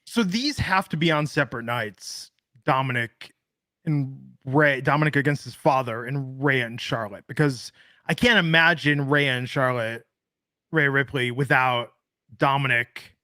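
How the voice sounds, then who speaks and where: A man's voice: medium pitch, a little slow, sharp tone, no room sound, clean studio sound. A man co-hosting a wrestling podcast in casual, joking chat, rambling and swearing freely. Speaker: podcast co-host.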